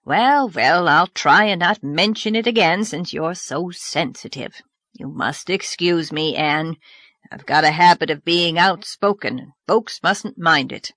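A woman's voice: on the low side, unhurried, fairly bright tone, dry recording. Woman voicing a growling blunt old farmer man, storybook reading, dry close sound. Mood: gruff. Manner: growling, outspoken, grumbling. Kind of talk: audiobook character voice.

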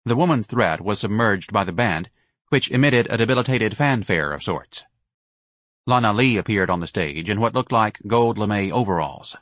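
A man narrating an audiobook in a measured, wry storytelling manner. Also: fairly low pitch, lively intonation, fairly bright tone, no room sound, studio quality. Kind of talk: scripted narration.

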